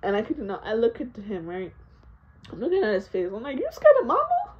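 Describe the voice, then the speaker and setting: A young woman telling a storytime vlog, animated, laughing and swearing a lot, with plenty of fillers. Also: medium pitch, brisk, lo-fi sound. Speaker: vlogger.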